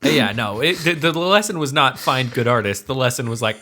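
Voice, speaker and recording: A man joking around and laughing easily in a casual podcast chat. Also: medium pitch. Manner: animated, joking, quick to laugh. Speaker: podcast co-host.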